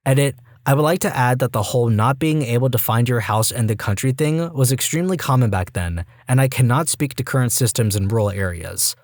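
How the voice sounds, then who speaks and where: A man reading reddit stories aloud in an even, steady voice. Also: mid-range voice, fairly quick, hardly any pauses, no room sound, studio quality. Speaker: reddit story narrator.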